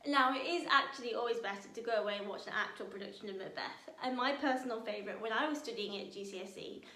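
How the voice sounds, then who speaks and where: High bright british girl, super peppy teaching, bit of room echo. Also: fast talker. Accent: British English. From Britain. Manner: energetic, playful, conversational. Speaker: drama workshop leader. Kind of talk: lively teaching to camera. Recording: echoey room.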